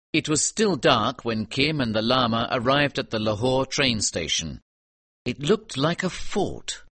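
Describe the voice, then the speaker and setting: A man narrates a storybook in a clear, measured manner, his pitch moving freely up and down. The recording is dry and close, with no room sound. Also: a bit bright, dry recording. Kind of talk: scripted audiobook narration.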